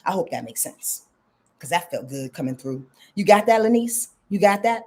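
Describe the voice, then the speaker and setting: A woman astrologer giving lively, slangy live-stream readings, answering viewers by name and swearing freely. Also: fairly low pitch, normal speed, breathy edge. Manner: animated, slangy, swears freely, reads viewer comments aloud.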